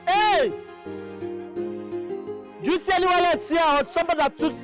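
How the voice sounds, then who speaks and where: An actor playing an agitated man, shouting fast about a missing wallet from off-mic. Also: very high-pitched, faint music behind. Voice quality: shouting, rapid. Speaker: man hunting for a lost wallet. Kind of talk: film drama.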